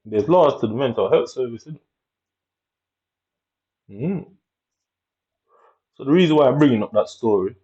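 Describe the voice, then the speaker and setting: A man telling a personal story in blunt, profane casual talk, voicing other people's lines with sudden high jumps. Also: darkish tone. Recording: dull lo-fi recording.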